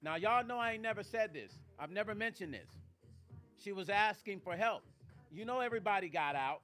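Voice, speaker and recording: A man's voice: high voice, expressive, brisk, a bit bright. A middle-aged man hosting his own live stream, emotional and close to tears, speaking emphatically and directly to his viewers. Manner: tearful, emphatic, addresses viewers directly, swears. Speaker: vlog host.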